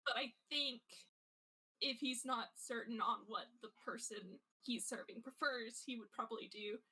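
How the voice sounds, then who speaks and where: High, bright giggly woman narrating. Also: normal speed, slightly rough, rough recording. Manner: giggly, lots of fillers and restarts. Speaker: player. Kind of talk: casual tabletop role-play narration.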